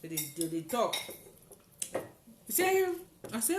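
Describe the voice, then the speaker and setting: A woman's voice: on the high side, very animated, a little slow. A woman speaks with a Nigerian Pidgin accent, telling a personal story with theatrical force and acting out the cries of the people in it. Her voice carries a roomy echo, and faint noise sits behind it. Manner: dramatic storytelling, acting out shouts. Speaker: testifier.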